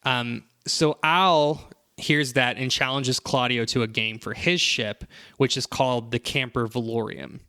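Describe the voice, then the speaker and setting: Guy on a podcast rambling through a comic plot, bright forceful voice, dry sound. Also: medium pitch, measured pace, clear, resonant tone, dry recording. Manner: rambling, animated retelling with many fillers. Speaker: podcast host summarizing a comic. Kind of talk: casual chat.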